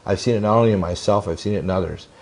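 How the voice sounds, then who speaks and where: Racing along in a fairly low voice, this interview guest in his sixties spins long-winded stories. He's intense and meandering, restarting often and quoting what people said.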